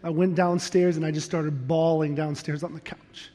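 Middle-aged guy giving a sermon, fairly high voice, honest and self-deprecating, big hall echo. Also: flat delivery, normal speed, dark tone. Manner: candid personal storytelling, earnest and self-deprecating. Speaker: pastor. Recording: long reverb of a large hall.

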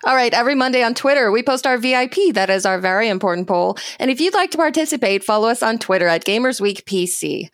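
A woman's voice: on the high side, no room sound. A woman hosting a gaming podcast in casual chat, reading poll results and laughing often. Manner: playful, laughs often, does gangster voices. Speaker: podcast host.

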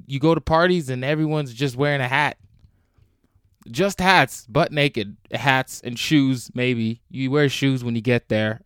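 A man's voice: mid-range voice, clean tone, no echo, clean studio sound. A young man hosting a solo podcast, talking in a rambling, crude and jokey way. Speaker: podcast host. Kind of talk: solo casual chat.

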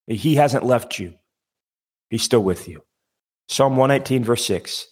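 A man hosting a devotional podcast, preaching emphatically, repeating phrases and pausing for effect. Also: medium pitch, breathy edge. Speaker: podcast host giving a devotional. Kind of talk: devotional sermon.

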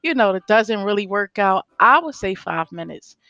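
A middle-aged woman, a rage room owner, talking as a guest in an interview, lively and laughing often as she acts out her customers. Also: mid-range voice, moderate pace, dry recording, highs cut off.

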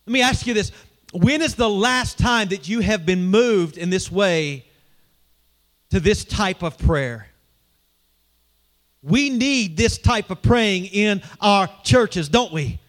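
Male pastor, sermon, quite high voice, conversational, questions to the congregation, church. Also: lively intonation, takes it slowly, long pauses, a bit bright.

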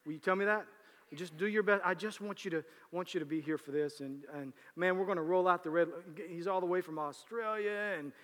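A man leads his church as pastor, his voice sitting slightly high. He talks casually and jokes, then builds into emphatic preaching. The sound rings with the long echo of a large sanctuary. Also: fairly quick, fairly bright tone. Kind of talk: sermon with church announcements. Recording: reverberant church hall.

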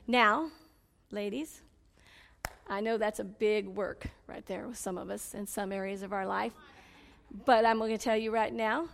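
A woman preaching a sermon, swinging between loud pleading cries and low confiding asides. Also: fairly even intonation, normal speed, vocal fry, long reverb tail.

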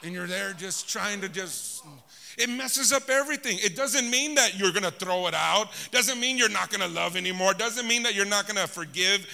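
A man preaching in a high, very bright and forceful voice, calling out to his congregation for amens. He swings between loud exclamations and quiet, hushed passages. His voice rings with the long reverb of a large hall. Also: normal speed, creaky. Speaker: pastor. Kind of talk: preaching a sermon.

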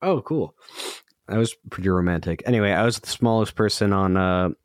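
A young man hosting a casual podcast, playful and quick to laugh as he runs the segments. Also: lowish voice, dry recording, studio quality. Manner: laughs often, playful teasing. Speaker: podcast host. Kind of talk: casual chat.

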